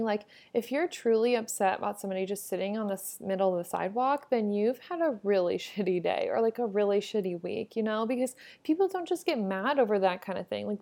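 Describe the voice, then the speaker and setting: A young woman from Nebraska tells stories on her podcast in a loose, chatty way, filling her sentences with "like". Her voice sits at an ordinary middle pitch. She slips into a gravelly fry at the ends of her phrases. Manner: chatty, lots of "like", animated retelling. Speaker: podcast host. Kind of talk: casual storytelling monologue.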